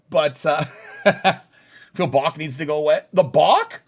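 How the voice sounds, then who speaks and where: A man's voice: a little high, moderate pace. A young adult man live streaming a baseball video game, chatting bluntly and casually with his viewers and laughing often. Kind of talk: live gaming stream chat.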